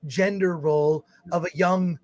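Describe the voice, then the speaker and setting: This co-host's high-pitched voice is steady in tone, a little slow, and darkish, with no echo. On a live film talk show, he chats casually, rambling through points he keeps restarting, and reads viewer comments aloud.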